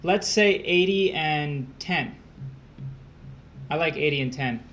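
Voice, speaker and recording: A man bantering beside a tutor on a stream, cracking deadpan mock-formal jokes. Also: fairly high pitch, slow pace, lo-fi sound, soft background music. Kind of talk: joking banter.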